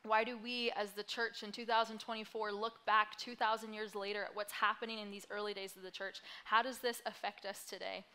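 Bright-voiced young woman preaching a sermon. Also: medium pitch, flat delivery, fairly quick, few pauses, smooth. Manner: conversational and self-deprecating, with light laughs. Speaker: pastor.

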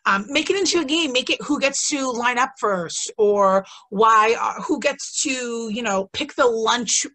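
A woman teacher with a higher, sharp-toned voice speaks at a measured pace, with a little hiss or hum on the recording. Though she has the hiccups, she runs her casual instructional webinar in a chatty, upbeat way, often saying um and going off on asides.

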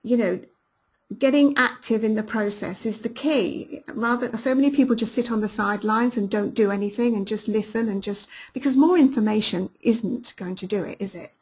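A woman coaching her audience through a webinar, her voice slightly husky and breathy. She sounds upbeat and encouraging and repeats her key questions to push listeners toward action. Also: fairly high pitch, darkish tone. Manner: upbeat and encouraging, quick praise words. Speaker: business coach hosting a webinar. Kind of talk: live webinar talk, reading out listener comments.

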